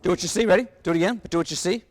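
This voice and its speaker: This high-pitched man talks very fast over faint background music. Conducting a wind band rehearsal in a big hall with long reverb, he coaches the players with energy and sings rhythms on syllables.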